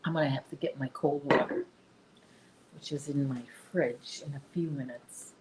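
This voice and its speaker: A woman's voice: deep voice, moderate pace, noisy background. A woman hosting a casual crochet livestream, rambling chattily to her viewers and her dog.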